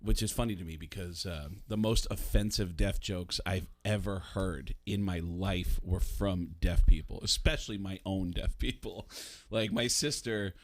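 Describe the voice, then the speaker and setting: Animated comedian man telling stories. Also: sits low, measured pace, hardly any pauses. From the Bronx, New York. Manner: animated storyteller, slips into voices. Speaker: guest comedian and voice actor. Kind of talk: casual radio interview storytelling.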